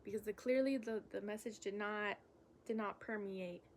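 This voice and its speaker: A young woman making a casual vlog, talking in a halting, candid way with lots of fillers and self-corrections. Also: medium pitch, fairly even intonation, slight background noise. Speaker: vlogger. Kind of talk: rambling stream-of-consciousness vlog.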